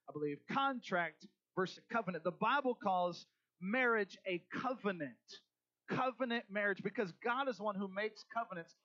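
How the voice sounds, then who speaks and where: A male pastor preaching a sermon, animated, swinging between loud emphasis and soft asides. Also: high voice, no echo, lo-fi sound.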